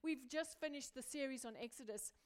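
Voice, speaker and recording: A woman pastor preaching a sermon, building through repeated phrases and dropping from loud emphasis to a hushed near-whisper. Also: sits high, brisk, clear, resonant tone. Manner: repetitive rhetorical building.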